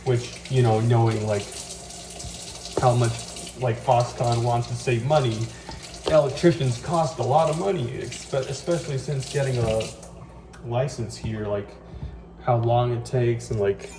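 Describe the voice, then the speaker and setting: A vlogger rambles profanely about his job while cooking at his home kitchen stove, a casual venting monologue riddled with fillers, restarts and curses. He speaks at medium pitch and a moderate pace, sitting far from a phone mic against a noisy background where running tap water and kitchen clatter come through clearly.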